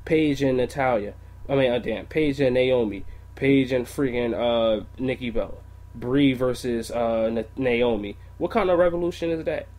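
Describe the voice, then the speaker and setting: A man's voice: mid-range voice, normal speed, a little mellow. A man co-hosting a wrestling podcast, ranting in a heated, profane way. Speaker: podcast co-host. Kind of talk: casual wrestling podcast rant.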